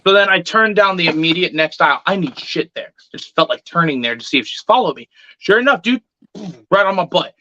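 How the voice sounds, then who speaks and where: A man casually telling a story in an animated way, swearing freely and acting out what people said. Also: high-pitched, brisk. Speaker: reptile keeper telling a story. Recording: dull, dry, lo-fi sound.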